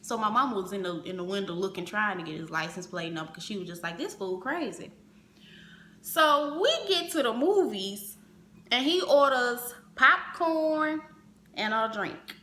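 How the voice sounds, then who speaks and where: A woman telling a personal story in casual vlog fashion, animated, acting out the other people's lines as she goes. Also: medium pitch, normal speed. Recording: roomy echo.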